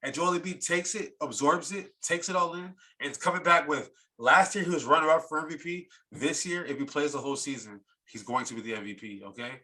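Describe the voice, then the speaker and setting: A man's voice: a little high, fairly quick, few pauses, bright, forceful tone. A man co-hosting a sports podcast, delivering a heated, ranting take. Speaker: podcast co-host. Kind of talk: sports talk rant.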